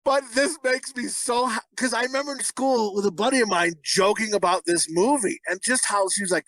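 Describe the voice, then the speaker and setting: A man's voice: high-pitched, a little fast, fairly bright tone, no echo. A middle-aged man in casual podcast chat, swearing freely, laughing often and acting out quotes. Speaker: podcast co-host.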